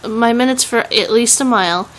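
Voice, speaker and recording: A woman's voice: a little high, moderate pace, fairly bright tone, low-quality recording. A young woman with a Southern US accent, chatting casually in a home vlog, rambling with many "um"s and laughs. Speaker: vlogger.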